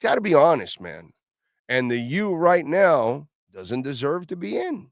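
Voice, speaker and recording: A man's voice: a little high, sing-song, measured pace, creaky, dry recording. A middle-aged man hosting a sports talk radio show, ranting bluntly and lecturing listeners.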